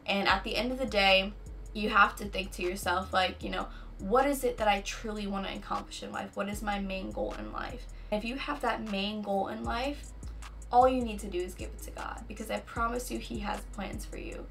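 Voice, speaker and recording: A woman's voice: mid-range voice, steady tone, normal speed, vocal fry, fairly bright tone, soft background music. A young adult woman hosting a casual faith-based talk, chatty and full of "you know what I'm saying.". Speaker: podcast host.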